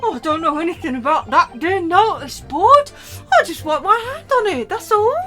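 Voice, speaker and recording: A woman streamer voicing a brash, cheeky young female street vendor in a squeaky, loud voice. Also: animated, normal speed, faint music behind, full character voice. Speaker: game streamer. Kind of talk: reading game dialogue aloud.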